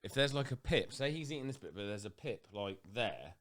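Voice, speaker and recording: Young man, low and expressive, blunt casual podcast talk. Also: brisk. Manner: blunt and sweary, jumps to high-pitched impressions. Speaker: podcast co-host. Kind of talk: casual chat.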